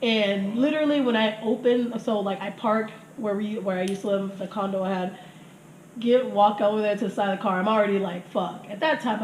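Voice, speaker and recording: A woman in her thirties telling crude stories in casual chat, laughing often and acting out what people said. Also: medium pitch. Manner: crude, laughing, animated storytelling with acted quotes. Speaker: podcast guest telling stories. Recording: echoey room with faint noise.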